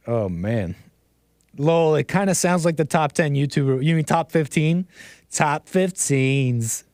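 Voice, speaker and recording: A man's voice: fairly high pitch, animated, slow pace, long pauses, darkish tone, no echo, studio quality. A man hosting a livestream, ranting and joking in casual commentary, laughing often. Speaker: streamer host.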